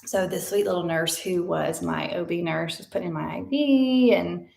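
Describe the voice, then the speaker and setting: A woman's voice: lowish voice, moderate pace, vocal fry, darkish tone, reverberant. A woman in her thirties, chatting casually to the camera as she tells a personal story, full of fillers and acted-out quotes. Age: 30s. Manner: chatty, emotional, many fillers, acts out quotes. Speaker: vlogger.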